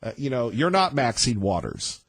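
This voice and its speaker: A man's voice: mid-range voice, wildly swooping pitch, normal speed, vocal fry, slightly rough, no echo. A male talk radio host in a studio, delivering an emphatic, rambling monologue with many restarts.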